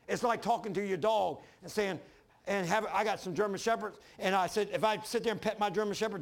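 A pastor preaches a fervent sermon, his voice swinging from loud emphasis to hushed lows, with some vocal fry. He calls on the congregation to answer him.

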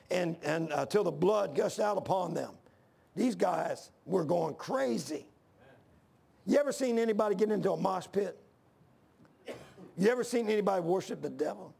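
A man preaching a fervent sermon, reading scripture aloud and rising to near shouts when worked up. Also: high voice, gravelly. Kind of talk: fiery sermon.

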